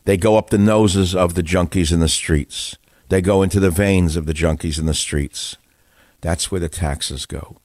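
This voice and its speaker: A man's voice: low-pitched, steady tone, normal speed, a little mellow, no echo, studio quality. An older man hosting political talk radio, ranting angrily about taxes and politicians. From United States. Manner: angry ranting. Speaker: radio host.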